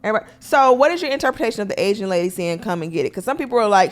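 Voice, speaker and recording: A woman co-hosting a podcast, chatting in a lively, playful way and often slipping into quoted voices. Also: medium pitch, rapid-fire, hardly any pauses. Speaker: podcast co-host. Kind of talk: casual podcast chat.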